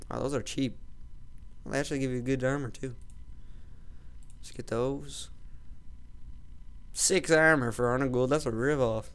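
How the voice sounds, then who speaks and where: Excitable man commentating a game. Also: medium pitch, smooth. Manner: excitable, trash-talks the game's fighters; mutters to himself between outbursts. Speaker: let's play host. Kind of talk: gaming commentary.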